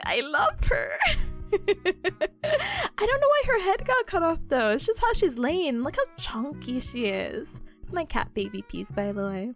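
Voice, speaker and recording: A woman's voice: extremely high pitch, a bit bright. A young woman, chatting casually on a study stream, bubbly and gushing, laughing often.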